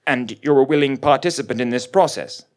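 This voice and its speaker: A man's voice: medium pitch, fairly quick, pitched above the performer's own voice, lightly acted. A man voicing an officious middle-aged male facilitator who speaks formally and firmly. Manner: formal, procedural, firm.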